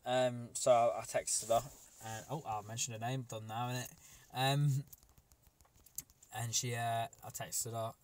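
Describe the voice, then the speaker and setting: A man's voice: mid-range voice, steady tone, measured pace. A young man, co-hosting a podcast and telling a long, rambling story with casual swearing. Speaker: podcast co-host.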